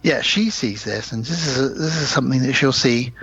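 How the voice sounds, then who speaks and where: Male podcast co-host, husky mid voice, relaxed recap, dry and muffled recording. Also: mid-range voice, a little fast, no echo, faint music behind. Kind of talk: casual film chat.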